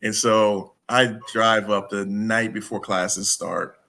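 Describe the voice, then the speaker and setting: A man telling stories as an interview guest in a casual, animated way, acting out the dialogue. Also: fairly low pitch, slow pace. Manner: animated, acts out dialogue with laughs. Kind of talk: casual storytelling.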